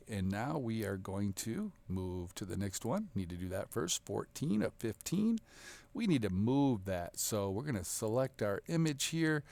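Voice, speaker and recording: A man instructor giving an upbeat, encouraging, step-by-step software walkthrough. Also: on the low side, vocal fry, no room sound. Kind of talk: screen-recorded software walkthrough.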